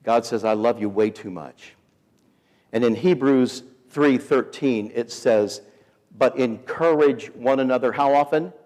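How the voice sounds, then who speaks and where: A middle-aged man giving a storytelling sermon to students as a week of prayer speaker, animated and acting out voices in his stories. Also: mid-range voice, a little slow, big-room sound. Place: school assembly hall.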